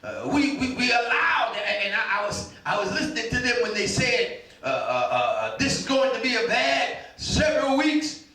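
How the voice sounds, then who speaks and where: A male pastor preaching a sermon with fervent shouting and half-sung lines, often stumbling over repeated starts. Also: very high voice, sing-song, moderate pace. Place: church sanctuary. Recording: very echoey room, mic at a distance.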